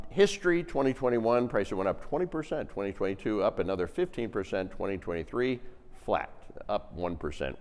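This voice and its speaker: Male presenter, low lively voice, hall reverb, jokey market talk. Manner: animated, jokey, repeats figures for emphasis. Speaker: real estate investing presenter.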